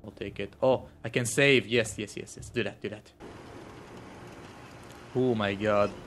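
Excitable man doing gameplay commentary. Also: lowish voice, unhurried, a little hiss or hum. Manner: excitable, swears and yelps when startled; mutters quietly when sneaking. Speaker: gamer.

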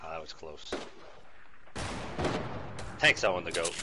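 A man in his forties streaming a game with his son, excitable and laughing, thanking viewers by name. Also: low voice, takes it slowly, very noisy. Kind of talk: casual game-stream chat.

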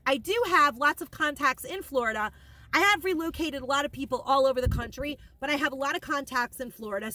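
A woman in a casual shopping haul vlog, gushing and rambling with excitement, emotional and near tears at times. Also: sits high, no echo. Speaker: haul vlogger.

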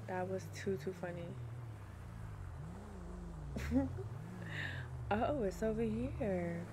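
A woman's voice: lowish voice, background noise. A woman streaming a game and talking to her viewers in casual slang, laughing often. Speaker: gaming streamer.

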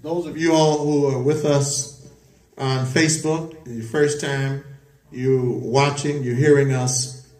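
An American man, an imam, delivering a Friday sermon with animated, excited preaching that turns to solemn supplication and recited prayer. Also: medium pitch, takes it slowly. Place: mosque prayer hall. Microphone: livestream room mic. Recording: echoey mosque hall.

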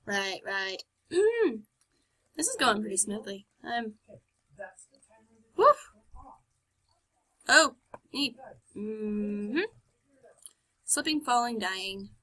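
A woman's voice: medium pitch, sing-song, drawn-out words, long pauses, bright, forceful tone, low-quality recording. A woman giving casual gameplay commentary, chatty and self-mocking, often muttering and whispering to herself. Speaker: game let's-player.

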